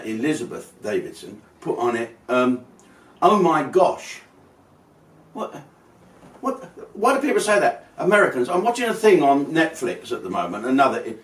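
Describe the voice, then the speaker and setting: A man rambles through a comic monologue, swearing and mock-outraged. His voice sits a touch high and swoops all over. He is recorded from a distance in a roomy space. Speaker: host.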